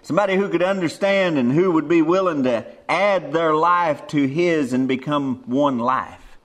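A man's voice: a little high, moderate pace. A man preaching a sermon in folksy rural speech, building to emphatic exhortations.

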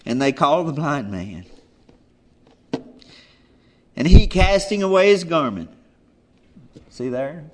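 Brief: male preacher mid-sermon, emphatic, drops soft, then rises loud and urgent. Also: on the high side, sing-song, moderate pace. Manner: emphatic, swings between soft murmurs and loud urgent calls.

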